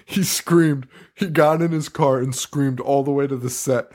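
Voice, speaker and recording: Male co-host, mid pitch, animated and profane, laughs a lot. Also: normal speed. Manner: animated, laughing, swears freely. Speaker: podcast co-host. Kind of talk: casual chat.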